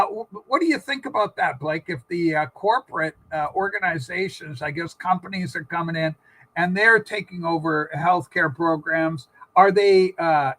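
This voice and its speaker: A man's voice: fairly high pitch, a bit bright, rough recording. A man co-hosting a casual political livestream, telling rambling stories full of fillers and restarts.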